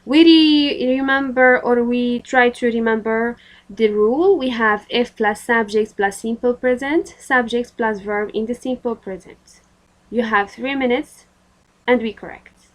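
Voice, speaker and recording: A woman's voice: fairly high pitch, measured pace, low-quality recording. A woman with a Moroccan accent teaching a recorded English grammar lesson, explaining patiently with frequent fillers.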